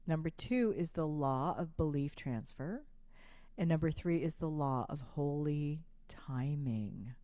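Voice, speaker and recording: Woman, low pitch, mellow tone, dry close sound, emphatic coaching, live stream, repeats slogans. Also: expressive, a little slow, dry recording. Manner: emphatic, preachy, repeats slogans and asks chat to respond. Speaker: sales coach hosting a live online challenge.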